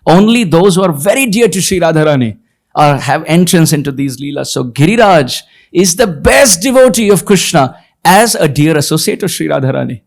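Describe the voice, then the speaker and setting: A man with a notably high-pitched voice leads a devotional talk at a retreat. He intones verses slowly and then unpacks them word by word, with firm emphasis. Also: animated, gravelly. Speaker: spiritual teacher. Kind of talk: devotional lecture. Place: retreat hall, before a live audience.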